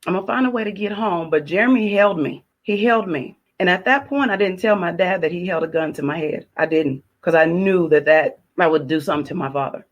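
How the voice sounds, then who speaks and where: A woman's voice: fairly low pitch, brisk, few pauses, dull audio. Woman telling an emotional personal testimony. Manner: emotional, repeats phrases, acts out her own prayers. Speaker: guest sharing her testimony.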